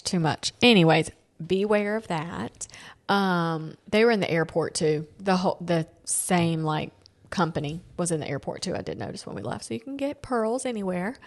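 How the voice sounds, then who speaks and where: A woman hosting a family podcast, telling stories in a casual, animated way, quoting people and laughing often. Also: mid-range voice. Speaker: podcast host. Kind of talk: casual chat.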